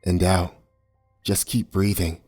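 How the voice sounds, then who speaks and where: A man voicing a steady young man who speaks softly and calmly to reassure a friend. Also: deep voice, soft background music. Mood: soothing. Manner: soft, calm, slow.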